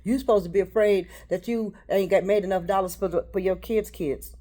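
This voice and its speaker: A woman giving a rambling, preachy spiritual monologue, halting and repeating words, dropping to a hush and then rising loud. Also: mid-range voice, fairly even intonation. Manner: preachy, swings between hushed and loud.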